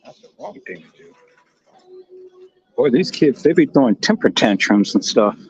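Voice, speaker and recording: A man's voice: medium pitch, sing-song, normal speed, darkish tone. A man hosting a casual live stream, rambling and chatting with people around him, likely at a laundromat. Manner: rambling, chatty, talks to passersby and a toddler. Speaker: livestream host. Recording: lo-fi phone audio.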